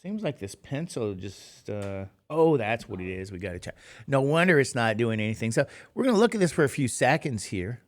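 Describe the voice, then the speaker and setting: A man's voice: medium pitch, sing-song, brisk. Sleepy, rambling male math teacher. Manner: rambling, self-deprecating, chatty asides. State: tired, sleepy. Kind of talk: casual classroom lecture.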